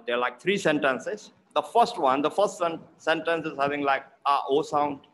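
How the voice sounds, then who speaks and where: A man teaching pronunciation, explaining slowly and repeating words aloud to model each sound. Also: a little high, fairly bright tone, poor audio.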